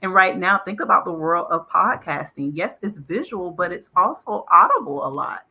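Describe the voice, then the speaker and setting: A woman with a very bright, sharp voice joins a panel discussion. She speaks thoughtfully and leans on key words as she adds her point. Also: on the low side, lively intonation, normal speed, vocal fry, husky.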